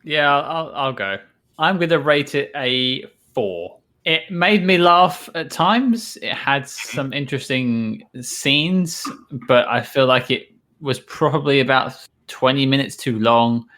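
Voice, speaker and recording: A man appearing as a podcast guest, giving candid, measured opinions in casual chat. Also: mid-range voice, animated, pushed and bright.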